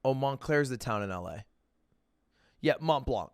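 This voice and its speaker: Animated young male streamer, lively voice. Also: medium pitch, normal speed, clean tone, no echo, clean studio sound. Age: young adult. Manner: animated storytelling, acts out voices of people in his story. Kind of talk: casual chat with viewers.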